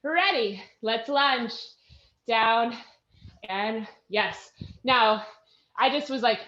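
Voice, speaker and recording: Woman fitness instructor, high voice, winded, upbeat cheering, measured delivery. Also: a bit bright, roomy sound, muffled recording. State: out of breath. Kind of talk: live workout class coaching.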